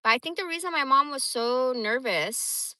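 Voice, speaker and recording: A woman in her forties telling stories from her life on a livestream, blunt, animated and full of swearing. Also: sits high, moderate pace, no room sound. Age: 40s. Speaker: livestream host. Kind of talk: casual storytelling.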